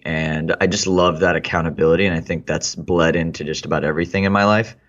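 A man's voice: low voice, fairly even intonation, fairly quick, hardly any pauses, a bit bright, dull audio. A man in his thirties from Texas, a guest in a casual interview, reflecting aloud with many fillers and restarts. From Texas, United States.

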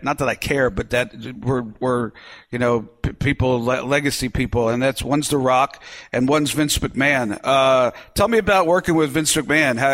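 A man's voice: medium pitch, fairly bright tone. A man hosting a casual interview, chatting easily and asking follow-up questions. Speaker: podcast host.

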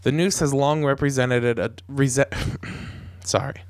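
A man's voice: medium pitch, steady tone, slow, dry recording, clean studio sound. A man co-hosting a podcast in casual chat, joking and laughing along. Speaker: podcast co-host.

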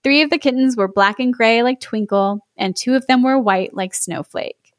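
Young woman host, fairly high voice, lively folk-tale reader; dry, close mic. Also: normal speed, dry recording. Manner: lively, laughs between lines. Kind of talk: storytelling read-aloud with chat.

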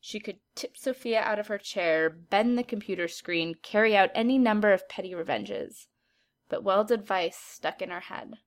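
A woman narrating a story aloud in an even, steady storytelling manner. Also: medium pitch, normal speed.

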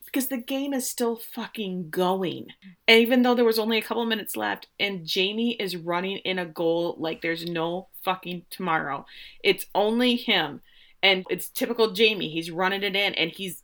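Emotional woman gushing over a recap. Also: on the low side. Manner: emotional, animated retelling with swearing. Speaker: podcast co-host. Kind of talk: casual recap chat.

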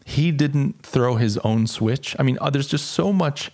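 A man's voice: mid-range voice, measured pace, darkish tone. A middle-aged man hosting a podcast, talking casually and reflectively on his own, with many restarts. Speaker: podcast host. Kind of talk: casual solo podcast monologue.

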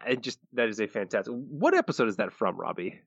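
A man's voice: on the low side, very animated, quick pace, vocal fry, fairly bright tone, breathy edge, no room sound, lo-fi sound. A man co-hosting a podcast, casually chatting and reading out listener messages while laughing often. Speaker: podcast co-host. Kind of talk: casual chat.

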